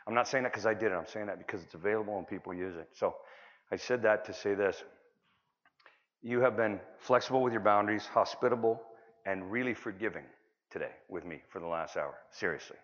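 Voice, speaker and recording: Man, middle-aged, stand-up comedian, rambling storyteller, bursts of loudness, muffled hall recording. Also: brisk. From California. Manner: rambling, self-interrupting storyteller with sudden loud bursts. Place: conference hall. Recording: dull, boomy conference hall recording.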